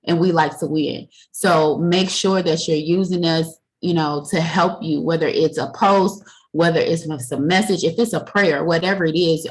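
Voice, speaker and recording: A woman's voice: deep voice, poor audio. A woman giving a motivational pep talk on a group video call, direct and coaching, repeating her key points. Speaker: team member speaking on a group video call.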